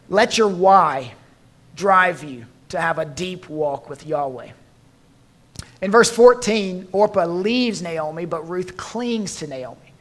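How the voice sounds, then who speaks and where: A pastor preaching a sermon, slowing down and dropping his voice softly for emphasis, with dry touches of humor. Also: high-pitched.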